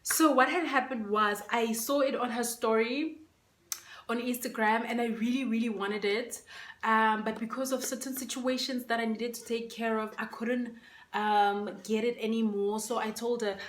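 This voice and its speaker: A woman talks casually into her phone, her voice a little high and often catching as she tries not to cry. She fills pauses with "um" and restarts her sentences. The room around her is roomy and echoey. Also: steady tone. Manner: emotional, fighting back tears, many fillers. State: close to tears. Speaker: vlogger. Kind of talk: casual unboxing chat. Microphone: phone camera.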